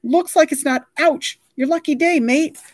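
A reader doing a squeaky, vain TV wildlife star. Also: measured pace, dry recording, clean studio sound. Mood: panicked. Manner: squeaky, shrill and petulant.

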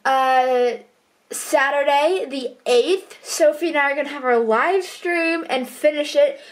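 A woman talking in a casual vlog diary at home, chatty, bubbly and quick to correct herself. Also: high-pitched. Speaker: vlogger and co-writer of a book.

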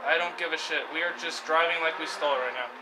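A young man giving casual, excitable let's-play commentary while racing, swearing freely and cheering the cars on. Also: on the high side, fast talker. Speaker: gameplay commentator. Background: game music and car engine sounds.

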